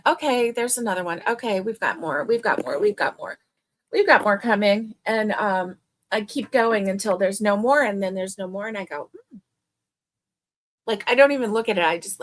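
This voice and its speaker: Older lady crochet streamer, slow and chatty, gushes over everything. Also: mid-range voice, a bit bright. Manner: gushing and chatty, laughs easily. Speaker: crochet live stream host. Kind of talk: casual live stream chat.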